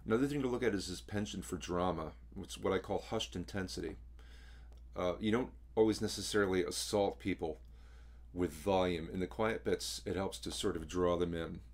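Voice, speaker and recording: This baritone man shows singers how to copy a rock vocalist, his speech relaxed and throaty, with words that get swallowed. He keeps a moderate pace.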